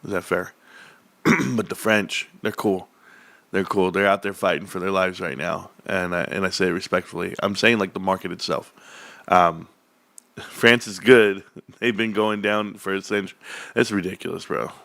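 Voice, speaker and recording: A man's voice: low voice, fairly even intonation, moderate pace, gravelly, sharp tone, dry recording. A man hosting a casual stock market livestream, rambling and joking while answering chat viewers. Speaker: livestream host.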